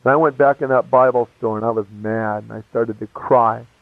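A man preaches to his congregation in a relaxed, slangy storytelling way, recounting his own past. His voice sits at an everyday middle pitch. The sound is thin and tinny, like an old radio broadcast, with a dry, close feel. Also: a little fast, gravelly, dry recording. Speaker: pastor. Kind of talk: sermon with personal testimony.

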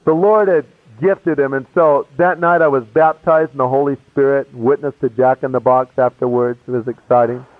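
A man preaches to his congregation in a relaxed, slangy storytelling way, recounting his own past. His voice sits at an everyday middle pitch. The sound is thin and tinny, like an old radio broadcast, with a dry, close feel. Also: moderate pace, hardly any pauses, dry recording. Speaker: pastor. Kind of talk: sermon with personal testimony.

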